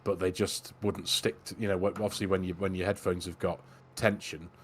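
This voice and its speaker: Deep-voiced man, chatty gamer. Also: little pitch movement, a little fast, a little hiss or hum. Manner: chatty, self-deprecating storyteller. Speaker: co-host of a farming game stream. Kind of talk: casual chat while gaming. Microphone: gaming headset.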